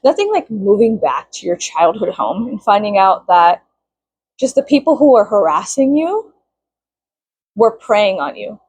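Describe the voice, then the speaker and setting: Husky-voiced woman venting profanely. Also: sing-song, unhurried, darkish tone, no room sound, rough recording. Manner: profane, sarcastic, swings into high mocking tones. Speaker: vlogger. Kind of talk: casual venting rant to camera.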